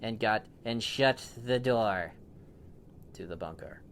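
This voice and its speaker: A man improvising a bedtime story for a child, playful and animated, with big swings in loudness. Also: lowish voice, takes it slowly, a little hiss or hum.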